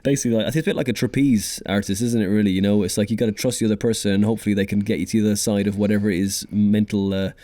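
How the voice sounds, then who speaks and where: A man's voice: lowish voice, steady tone, rapid-fire, few pauses, dark tone, dry recording. A man in his thirties hosting a podcast, rambling casually, swearing freely and calling people mate. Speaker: podcast host. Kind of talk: casual chat.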